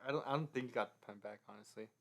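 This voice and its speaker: A man's voice: medium pitch, rapid-fire, vocal fry, fairly bright tone, a little hiss or hum. A young man co-hosting a casual design podcast, talking in loose stories full of fillers and restarts. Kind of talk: casual chat.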